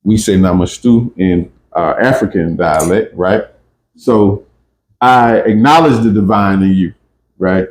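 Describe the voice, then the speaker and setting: A man's voice: on the low side, unhurried, darkish tone, echoey room. A man hosting a casual spiritual talk, emphatic and often checking in with "right?" and "you see?". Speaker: podcast host.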